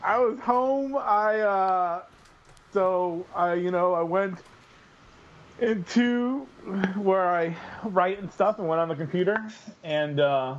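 A man talks slowly and hesitantly, filling his pauses with um and you know. The recording sounds dull and lo-fi. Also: sits high. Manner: hesitant, full of fillers. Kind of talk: casual chat.

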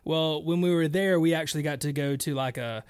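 A man co-hosting a talk radio show in a studio, telling stories in an animated way and laughing often. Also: fairly high pitch, fairly quick, clear, resonant tone, no room sound. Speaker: radio co-host. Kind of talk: casual talk radio storytelling.

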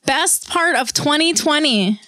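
A woman co-hosting a podcast in casual chat, laughing often and telling stories in quick bursts. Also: high-pitched, a little hiss or hum. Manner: laughing, fast animated storytelling. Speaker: podcast co-host.

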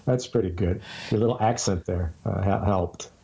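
Low mellow voiced guy, teasing and laughing, rambly casual chat. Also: normal speed, creaky, breathy edge.

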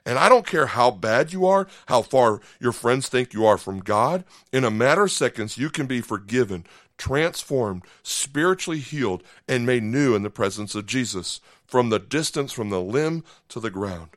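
A man's voice: medium pitch, lively intonation, fairly bright tone, no echo. Guy preaching a podcast sermon, chatty, keeps saying okay, acts out little bits, mid voice, dry close mic. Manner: conversational, dramatizing with quick voiced asides, frequent "okay?". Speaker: pastor.

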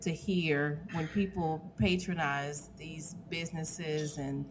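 A woman's voice: low voice, steady tone, slow pace, background noise. A woman hosting an interview, affirming her guest with exclamations and reflecting on the story. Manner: warm affirming listener, reacts with exclamations. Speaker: interview host. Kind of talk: conversational interview.

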